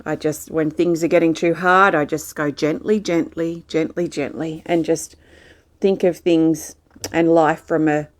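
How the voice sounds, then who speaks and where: A gentle woman hosts a live support stream, answering viewers one by one in a soft, reassuring manner. Her voice sits a little low for a woman. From Australia. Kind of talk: casual live-stream chat reading viewer comments.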